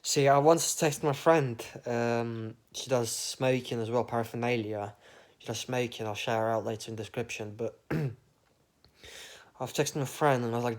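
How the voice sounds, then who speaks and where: A man's voice: mid-range voice, a little slow. A man, rambling through an absurd, meandering monologue with casual swearing. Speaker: vlogger.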